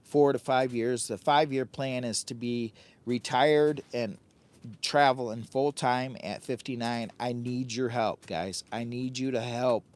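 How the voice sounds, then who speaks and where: A man in his fifties with a Midwestern American accent, chatting on a live stream from a hot tent while camping. He rattles along fast and hyper, joking and breaking into sing-song asides. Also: medium pitch, fairly even intonation, a little mellow. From United States. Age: 50s. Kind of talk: rambling live stream chat. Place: tent with a stove on a windy day, outdoors.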